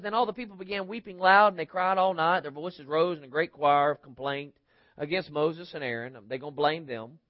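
A man's voice: high-pitched, no room sound, lo-fi sound. A man preaching a sermon in an emphatic, conversational way, asking the congregation rhetorical questions. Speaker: pastor.

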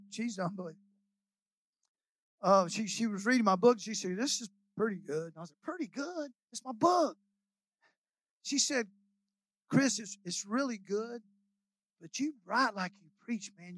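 A man's voice: high voice, normal speed, long pauses, a bit bright, dry recording, low-quality recording. An older man, a guest pastor preaching a sermon in a folksy, emotional, rambling storytelling way full of hallelujahs and amens.

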